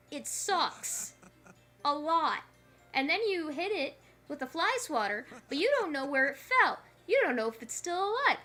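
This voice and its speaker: Bright-voiced chatty woman streamer. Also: high-pitched. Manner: chatty, rambling, playful asides. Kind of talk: casual gameplay commentary.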